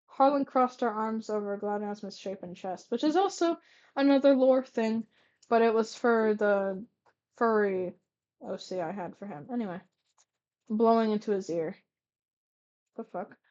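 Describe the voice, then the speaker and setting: A woman's voice: medium pitch, moderate pace, lo-fi sound. A young woman reading old fanfiction aloud, stumbling over words and breaking off for sarcastic asides. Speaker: reader.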